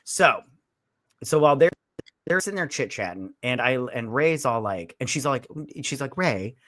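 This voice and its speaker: A man's voice: mid-range voice, animated, moderate pace, a bit bright, no echo, studio quality. A man co-hosting a casual movie review chat, rambling and retelling scenes with a lot of "he's like.". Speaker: movie review podcast co-host.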